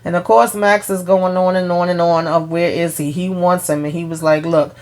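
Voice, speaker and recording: A woman giving a casual TV episode recap, retelling scenes in an animated way with blunt opinions and mild cursing. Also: lowish voice, normal speed. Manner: animated retelling, acts out characters' lines. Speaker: show recap host.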